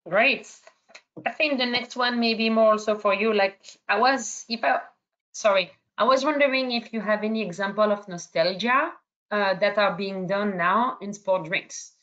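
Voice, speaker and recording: A woman's voice: mid-range voice, normal speed, a bit bright, dull audio. A woman from France with a slight French accent, moderating an online webinar Q&A in a hesitant way, full of fillers and restarts.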